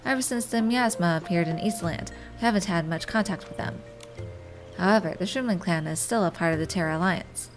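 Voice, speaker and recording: A woman reading the lines of a dignified male shrimp king in a game, speaking in a measured, kindly way. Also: on the low side, music in the background, natural voice. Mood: gracious.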